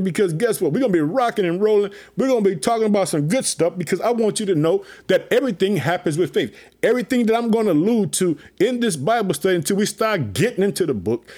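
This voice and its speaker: Pumped-up high-voiced preacher man. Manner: excited, repetitive preaching catchphrases. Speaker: pastor. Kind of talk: energetic podcast sermon.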